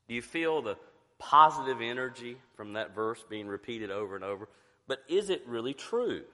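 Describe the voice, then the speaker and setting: Middle-aged guy preaching, low voice that swings up and down a lot, keeps coughing, big echoey church. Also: lively intonation, normal speed, sharp tone. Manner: emphatic preaching with rhetorical questions. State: coughing, fighting to get words out. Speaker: pastor. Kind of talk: sermon.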